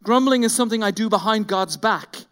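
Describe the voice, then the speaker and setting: A pastor preaching a sermon to his congregation, slowing down to stress each scripture reading and speaking straight to the room. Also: high-pitched, fairly bright tone, clear, resonant tone. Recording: long hall reverb.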